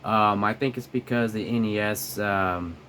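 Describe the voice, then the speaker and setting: A man with a cold talking through a retro game, halting and rambling with many ums and restarts. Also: fairly low pitch, fairly bright tone, slight background noise. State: has a cold. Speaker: gameplay commentator. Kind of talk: casual game commentary. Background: retro game music.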